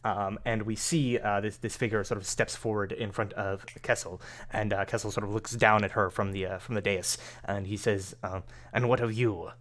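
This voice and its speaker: A man's voice: fairly low pitch, level tone, normal speed, few pauses, a bit bright. A man narrating a tabletop game as game master, rambling with many fillers. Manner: rambling, full of fillers and hedges.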